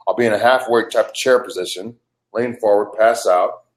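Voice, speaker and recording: A man's voice: fairly low pitch, steady tone, normal speed. An older man in a heated live webcast argument, ranting in an agitated, profane way. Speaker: livestream participant.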